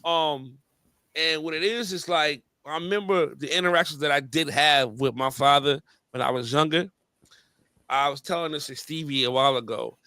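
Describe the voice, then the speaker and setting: Bright-voiced animated storytelling man. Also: on the high side, dry recording. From New York area. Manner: animated storyteller, heavy slang and fillers. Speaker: podcast host. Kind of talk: casual chat.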